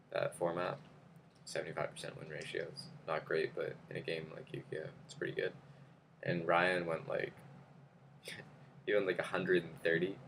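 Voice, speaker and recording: A young man with a very low voice tells a story to camera. He rambles casually, with lots of fillers and restarts. A faint hiss sits behind him. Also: a bit bright. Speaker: vlogger.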